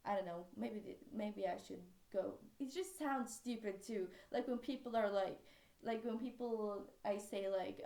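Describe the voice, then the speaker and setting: A woman's voice: mid-range voice, fairly even intonation, a little slow, gravelly, dark tone. A young woman from Norway with a Norwegian accent, chatting casually about a book with frequent sidetracks and fillers. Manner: rambling, sidetracks often, many fillers. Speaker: book vlogger. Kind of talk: casual chat. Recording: echoey room.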